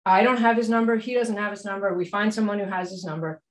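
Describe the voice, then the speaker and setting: A woman's voice: medium pitch, steady tone, fast. A woman doctor telling a true personal story at a live storytelling event, acting out her own panicked quotes. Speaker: doctor and practice manager. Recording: echoey live venue.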